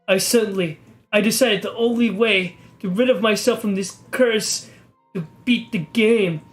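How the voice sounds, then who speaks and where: A man giving a mock-serious, deadpan reading of an amateur horror story, stumbling over the text now and then. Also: high voice, a little slow, faint music behind. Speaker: video creator reading a story.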